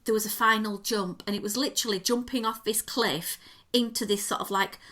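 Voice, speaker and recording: Bright-voiced woman telling a story. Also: mid-range voice, a little fast. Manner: animated storyteller, lively and expressive. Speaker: podcast co-host. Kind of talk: casual chat.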